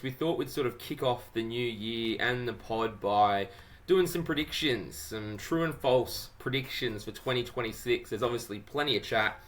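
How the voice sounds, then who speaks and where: An Australian man hosts a podcast in relaxed, chatty talk, tossing in "mate" as he goes. His voice sits low but sounds bright and forceful. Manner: upbeat, chatty, says "mate" often. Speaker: podcast host. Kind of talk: casual chat.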